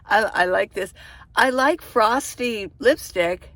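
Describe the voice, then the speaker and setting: A middle-aged woman vlogs from inside her minivan, camera in hand, chatting and rambling and laughing often. Her voice is mid-range and fairly bright, and she speaks slowly; there's no room sound.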